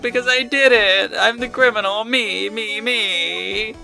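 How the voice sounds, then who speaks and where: A man's voice: sits high, steady tone, measured pace, gravelly, sharp tone, faint music behind, pitched above the performer's own voice, exaggerated voice. A man shrieking as a frantic young thief.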